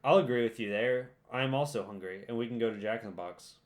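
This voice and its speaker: A man's voice: mid-range voice, fast. A young man co-hosting a podcast, rambling and teasing in casual chat. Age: young adult. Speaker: podcast co-host.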